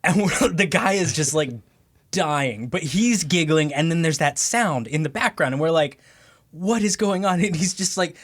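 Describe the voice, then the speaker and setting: A man's voice: a little high, expressive, normal speed, a bit bright. A man co-hosting a podcast, telling a long funny story in casual chat, laughing often. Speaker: podcast co-host.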